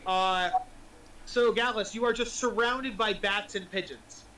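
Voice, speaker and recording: A man's voice: sits high, steady tone, unhurried, pushed and bright, a little hiss or hum, low-quality recording. A man narrating as game master in a chatty way, laughing often and using lots of fillers.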